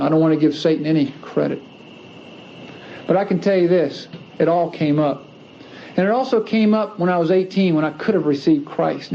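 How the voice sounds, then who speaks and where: A man giving an earnest personal religious testimony, emphatic and repeating key phrases for stress. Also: on the high side. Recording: dull lo-fi archive recording with faint hiss.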